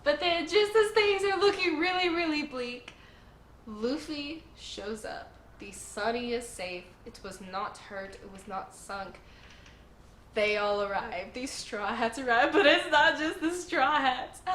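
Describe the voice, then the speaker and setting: A woman with a rather high, slow voice hosts her own channel and recaps a story in an excited, casual way. She gushes, stays animated and emphatic, and keeps repeating exclamations, all in an echoey room with faint noise.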